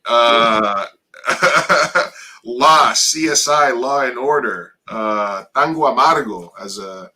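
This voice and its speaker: A man's voice: medium pitch, slow, bright, forceful tone, low-quality recording. A man hosting a casual interview, playful and joking as he asks questions. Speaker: host.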